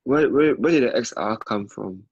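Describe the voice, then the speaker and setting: A man's voice: medium pitch, lively intonation, moderate pace, a little mellow, breathy edge, lo-fi sound. A man studying math, asking hesitant, stumbling questions during a tutoring session. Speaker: student.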